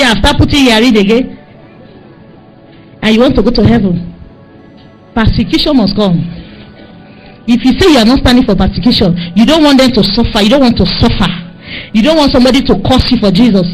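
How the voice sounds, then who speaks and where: A woman's voice: on the high side, a little fast, a little mellow, soft background music, poor audio. Impassioned Nigerian woman preaching. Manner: impassioned, scolding, repetitive exhortation. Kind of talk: sermon.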